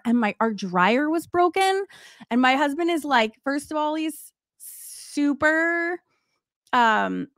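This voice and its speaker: A woman's voice: high-pitched, no room sound. A woman in her forties, an art teacher hosting a livestream, chatting casually with many fillers and laughs.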